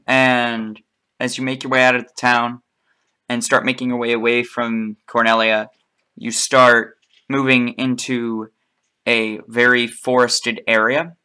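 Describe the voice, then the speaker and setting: Slow-talking bright-voiced male game master. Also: medium pitch, flat delivery, smooth. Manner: unhurried, hesitant narration with restarts. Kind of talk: narrating a tabletop game.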